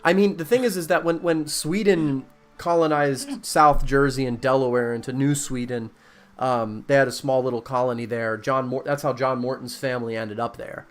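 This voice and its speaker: A man's voice: medium pitch, fairly even intonation, moderate pace. A man hosting a casual conversation, explaining and reading out facts with many fillers and restarts.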